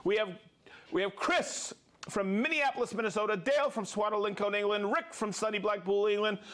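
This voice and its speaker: An upbeat American man hosting a live stream, chatting casually and joking. His voice sits fairly high for a man. He rattles off names with easy energy. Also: fairly even intonation, fairly quick, a bit bright. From United States. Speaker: livestream host.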